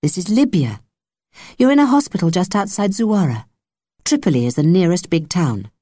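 A woman voicing a young female army nurse, patient but firm and chiding, pitched higher than her narration. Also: sing-song, normal speed, warm tone, no echo, clean studio sound.

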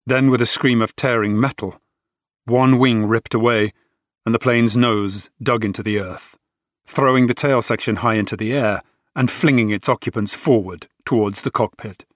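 A man narrating an audiobook in a measured, dramatic way. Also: medium pitch, fairly even intonation, no echo, studio quality.

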